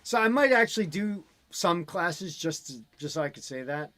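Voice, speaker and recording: A man in casual chat, telling an animated, ranting story as host. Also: a little high, moderate pace.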